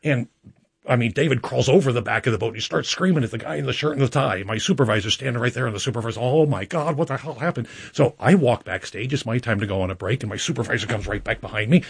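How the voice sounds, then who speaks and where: Fast-talking husky man telling a story. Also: medium pitch, no echo. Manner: fast, chatty anecdote telling with laughs. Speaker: radio guest. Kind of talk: casual storytelling chat.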